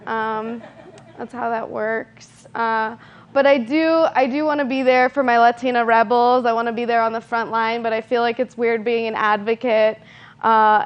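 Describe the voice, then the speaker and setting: A young woman performing a stand-up comedy set, self-deprecating and deadpan, with frequent ums. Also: on the high side. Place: comedy stage. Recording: dull lo-fi live recording.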